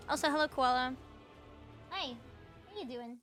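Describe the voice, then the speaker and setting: Young woman streamer, unhurried, casual chat and soft baby talk to her pet. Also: high voice, faint music behind.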